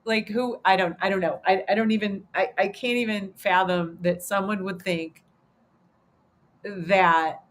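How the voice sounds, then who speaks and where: A woman's voice: mid-range voice, fairly even intonation, measured pace. A woman in her fifties hosting a casual livestream chat, talking in an emotional, rambling way with many restarts and fillers. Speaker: host.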